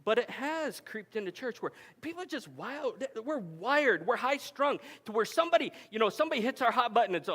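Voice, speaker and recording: A man in his forties delivers a sermon with a notably high voice. He tells stories in a loose, conversational way, often doubling back on his words as he goes. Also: very animated, brisk, hardly any pauses, fairly bright tone. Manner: conversational storytelling with frequent restarts. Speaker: pastor. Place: camp meeting hall.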